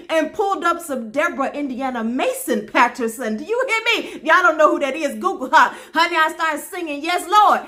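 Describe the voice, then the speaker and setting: Animated high-voiced woman telling a story. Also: normal speed. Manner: animated, preacherly, addresses viewers as baby and y'all. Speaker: vlogger. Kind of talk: comedic storytelling vlog.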